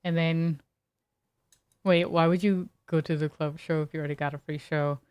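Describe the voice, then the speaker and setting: A woman's voice: deep voice, steady tone, moderate pace, a little mellow, smooth, no room sound. A young woman streaming a video game, chatting casually with her viewers and telling a long, rambling story full of fillers and restarts. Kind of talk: casual chat while gaming.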